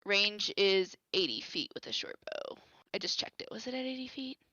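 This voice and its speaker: A woman's voice: medium pitch, big pitch swings, moderate pace, sharp tone, no echo, dull audio. A woman playing a tabletop game over a voice call, blunt and joking, swearing freely. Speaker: player. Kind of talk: casual game talk on a voice call. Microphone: home microphone on a voice call.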